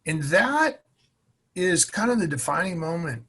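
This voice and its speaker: A man from Massachusetts, a podcast guest, telling an animated personal story and acting out the voices of the people in it. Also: fairly high pitch, unhurried, breathy edge. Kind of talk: storytelling interview.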